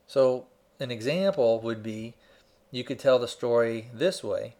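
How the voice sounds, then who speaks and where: A man giving an instructional talk, explaining his points in a measured way and telling an example story step by step. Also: mid-range voice, mellow. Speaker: speaker teaching persuasion.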